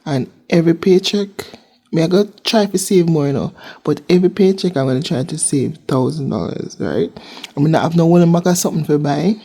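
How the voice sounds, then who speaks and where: Her voice deep, warm and slightly rough, a young Jamaican-accented vlogger talks fairly quickly in her home kitchen. The chat is casual and rambling, full of repetition. She is also a seasonal worker.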